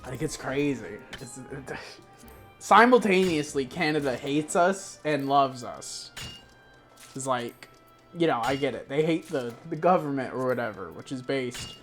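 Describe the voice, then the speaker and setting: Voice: medium pitch, a little slow, faint music behind. A streamer from Florida telling a travel story in casual, profane chat, acting out the people in it. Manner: animated, profane, puts on voices for quoted people.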